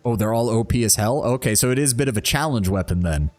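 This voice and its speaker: A man's voice: mid-range voice, expressive, quick pace, darkish tone, soft background music. A man streaming a role-playing game who chats casually, rambles, laughs, and reads the on-screen text aloud. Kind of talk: casual gameplay commentary and reading game text.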